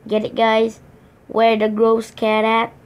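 A woman from the Philippines, giving excitable, playful commentary as she plays a mobile game at home. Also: a little high, takes it slowly, clean tone. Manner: excitable and playful, bursts of exclamations and giggles. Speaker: gaming channel host. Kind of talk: casual let's-play commentary.

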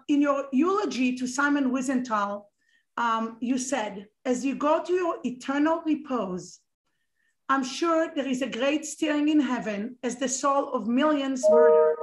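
Emotional high-voiced woman host, echoey room. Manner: emotional, rambling with many restarts. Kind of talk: interview chat.

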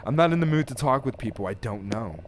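A man's voice: medium pitch, lively intonation, fast talker, background noise, close to an everyday voice. A man doing a curt, rude tired stranger. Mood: annoyed. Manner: curt, dismissive. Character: rude, tired middle-aged man in a suit.

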